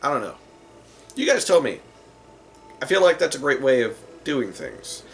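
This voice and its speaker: A man who hosts a tabletop gaming channel talks casually to the camera about running games, rambling a bit with plenty of likes and uhs. His medium-pitched voice is gravelly and sing-song at a moderate pace, with faint music behind him.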